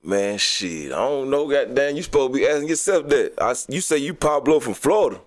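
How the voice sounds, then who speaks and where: A man's voice: medium pitch, expressive, fairly quick. A man co-hosting a radio show in casual banter, cursing freely and laughing often as he jokes. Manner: profane, laughs often while joking. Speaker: radio co-host.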